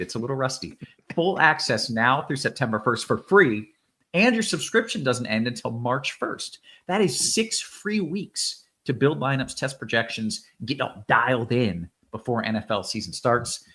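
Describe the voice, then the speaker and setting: A man's voice: mid-range voice, a bit bright. A man hosting a casual fantasy sports show, reading promos and chat questions in an upbeat, easygoing way. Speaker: host.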